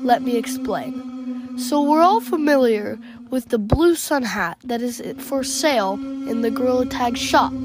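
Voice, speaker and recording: Woman narrator, high voice, slow and conspiratorial, loud backing music. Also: lively intonation. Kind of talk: mock-serious storytime narration.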